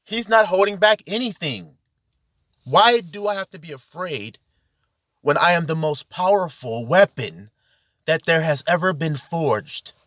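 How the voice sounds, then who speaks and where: A self-styled preacher sits in a car delivering a fired-up spiritual monologue, exhorting his audience with frequent rhetorical questions. His voice is a little high, expressive, and fairly bright, at a measured pace. The sound is dry and clean, like a studio.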